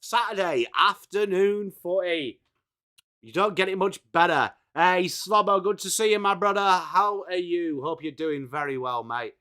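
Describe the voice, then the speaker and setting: A man's voice: high-pitched, unhurried, pushed and bright, smooth. Chatty English man hosting a live footy stream. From England. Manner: chatty, greets chat by name, reads team lists. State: slightly hoarse. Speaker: watchalong host. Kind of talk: casual live stream chat.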